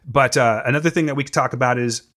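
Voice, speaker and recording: A man's voice: medium pitch, quick pace, a bit bright. A man co-hosting a casual movie review podcast, emotional and choked up, swearing freely. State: tearful. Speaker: podcast co-host.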